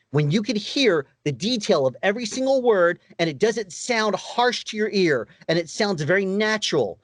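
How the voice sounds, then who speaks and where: A man with a higher-pitched voice giving practical audio advice as an interview guest, explaining step by step and asking rhetorical questions. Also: dry recording.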